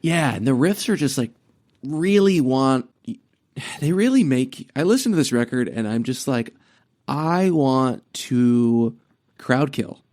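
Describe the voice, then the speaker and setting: A man's voice: medium pitch, sing-song, normal speed, darkish tone. A man co-hosting a podcast, talking about music with loose, enthusiastic phrasing and many fillers. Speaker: podcast co-host. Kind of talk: casual music chat.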